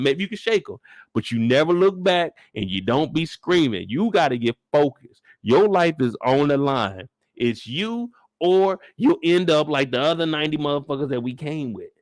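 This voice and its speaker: A young man streaming a live recap of a TV episode, riffing in an animated, profane, comic way and acting out scenes. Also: fairly high pitch, dry recording, studio quality. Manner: acts out scenes in shouted bursts.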